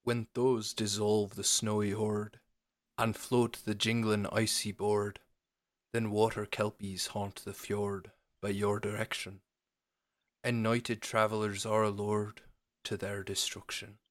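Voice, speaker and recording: A man's voice: on the low side, little pitch movement, slow, no room sound, clean studio sound. A man reciting old verse in a put-on Scottish accent, delivered as a theatrical poetry recital.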